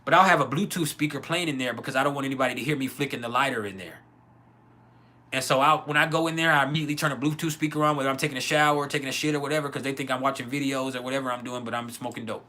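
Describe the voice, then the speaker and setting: A man's voice: medium pitch, steady tone, very fast, bright, forceful tone. A man hosting his own channel, telling a personal story in a candid, profane, rambling way with many restarts. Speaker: channel host.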